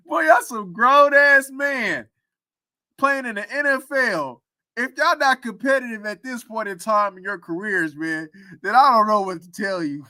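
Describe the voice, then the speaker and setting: A man's voice: very high voice, animated, takes it slowly, pauses often, pushed and bright, dry recording. A man hosting a casual sports talk stream, teasing and laughing often. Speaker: sports commentary host.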